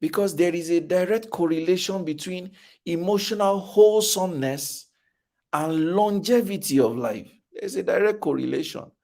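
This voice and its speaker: A man's voice: high voice, normal speed, gravelly, warm tone. A middle-aged man with a Nigerian accent giving a motivational talk at a fathers' conference, emphatic and repeating his key phrases like a preacher.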